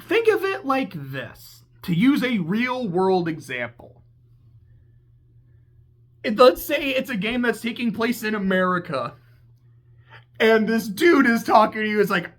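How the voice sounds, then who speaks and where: A game reviewer ranting in a casual video essay, excitable and profane, rambling and laughing at their own tangents. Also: medium pitch, unhurried, pauses often. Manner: laughs mid-sentence and corrects itself.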